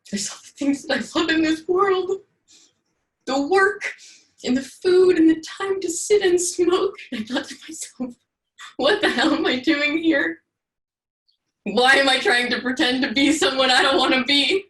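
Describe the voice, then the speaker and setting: A woman performing a monologue as a frustrated young man confronting his father, swinging from hushed lines to shouting. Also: low-pitched. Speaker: acting student. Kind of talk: dramatic monologue. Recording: roomy echo.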